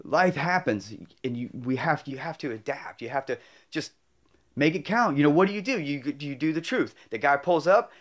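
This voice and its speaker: Earnest rambling man, slightly high voice. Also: expressive, normal speed. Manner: rambling, earnest, with many restarts and fillers; emotional, choking up. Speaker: motorcycle travel vlogger. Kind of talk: heartfelt personal storytelling.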